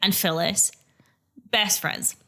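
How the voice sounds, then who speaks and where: A woman, co-hosting a podcast and recapping a TV episode in casual chat, playful and quick to laugh. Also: medium pitch, steady tone, pushed and bright. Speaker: podcast co-host.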